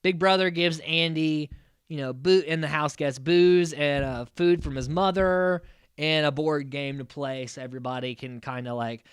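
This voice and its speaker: A man hosting a casual podcast, recapping a reality show in an animated, exasperated way and swearing freely. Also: on the high side, normal speed, clean tone, no echo, studio quality. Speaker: podcast host.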